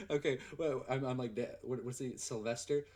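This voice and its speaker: A man's voice: mid-range voice, moderate pace, slight background noise. Rambling young man chatting on a livestream. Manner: rambling, excitable, many fillers. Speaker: livestream host and animator. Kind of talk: casual livestream Q&A chat.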